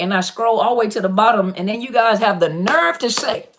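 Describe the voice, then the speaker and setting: A woman's voice: a little high, moderate pace. A woman coaching on narcissist abuse, talking casually and directly to viewers in a live-stream Q&A, with a habit of repeating "listen".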